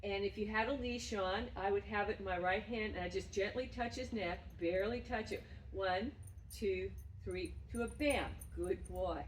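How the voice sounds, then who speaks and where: A woman dog trainer explaining and demonstrating games with her dog, breaking into loud, effusive praise. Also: medium pitch, moderate pace, a little hiss or hum. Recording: roomy sound from a distance.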